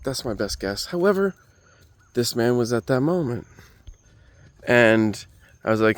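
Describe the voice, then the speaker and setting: A man's voice: medium pitch, lively intonation, measured pace, long pauses. A man who is a comedian telling a rambling, self-mocking story, with frequent digressions and profanity.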